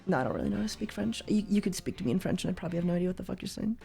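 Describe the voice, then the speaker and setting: A young woman from Canada chatting casually as a streamer while playing a card game, with sudden loud, high exclamations. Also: expressive, rapid-fire, vocal fry, faint music behind.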